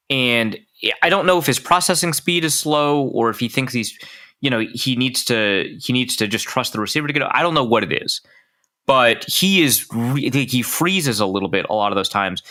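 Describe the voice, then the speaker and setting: A man co-hosting a podcast, talking through football plays in an animated, self-interrupting way and laughing at his own jokes. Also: mid-range voice. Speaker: podcast co-host. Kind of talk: casual sports analysis chat.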